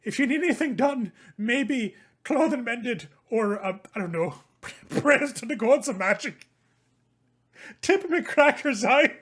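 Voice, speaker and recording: A man voicing a boisterous, swaggering male knight-for-hire with loud, brash tavern banter. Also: very high voice, lively intonation, a little slow, breathy edge, voice pushed up, exaggerated voice.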